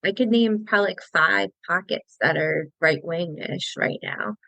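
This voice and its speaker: Gravelly-voiced joking woman comedian. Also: fairly low pitch, normal speed, fairly bright tone, no echo. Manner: joking, playful, teasing. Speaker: comedian guest. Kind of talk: casual podcast chat.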